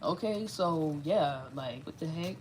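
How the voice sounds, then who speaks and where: A woman giving a casual, rambling tarot reading, talking animated and profane. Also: low voice, unhurried, a little hiss or hum, low-quality recording. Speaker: tarot reader.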